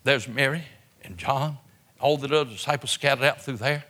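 A man delivering a sermon in an auditorium, with impassioned preaching that swings from hushed, low phrases to loud outbursts, often repeating words and restarting phrases. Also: moderate pace. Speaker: pastor. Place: auditorium with an audience.

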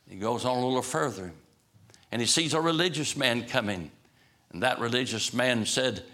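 Bright, forceful preacher telling a story. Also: male voice, mid-range voice, normal speed. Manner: vivid, building emphasis. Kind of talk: dramatic sermon storytelling.

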